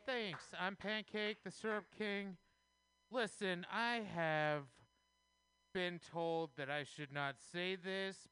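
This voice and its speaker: A man doing a stand-up comedy set on a radio show, delivering jokes in a deliberate, deadpan way. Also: sits high, smooth, dry recording.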